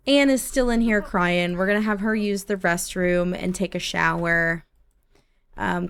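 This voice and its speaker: A woman's voice: on the low side, clear, resonant tone. A woman hosting a gaming channel, chatting casually and reacting aloud as she narrates her gameplay.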